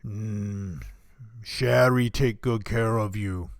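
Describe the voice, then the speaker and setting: A hulking, gruff half-orc innkeeper, as a man puts him on. He speaks slowly in short, broken sentences, as in a tabletop game. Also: lowish voice, steady tone, dry recording, clean studio sound, full character voice. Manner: slow broken speech.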